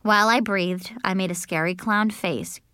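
A woman narrating a children's book in an animated, childlike first-person manner. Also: mid-range voice, moderate pace, smooth, no room sound, clean studio sound. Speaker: audiobook narrator. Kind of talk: expressive storybook narration.

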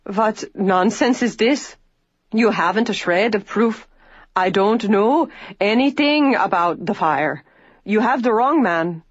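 An audiobook reader voicing an accused male factory worker who protests and pleads, a little higher and slower than the narration. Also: no echo, lo-fi sound, close to an everyday voice. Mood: protesting.

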